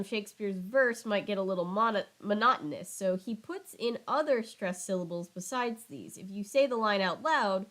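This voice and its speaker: A woman's voice: a little high, a bit bright. A woman reading a children's book aloud with casual asides. She stumbles over words, laughs at herself and apologizes.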